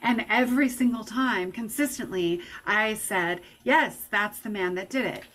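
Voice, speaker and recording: A woman giving a lecture, telling a personal story in an emotional, animated way. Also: medium pitch, a little slow, poor audio. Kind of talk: personal testimony talk.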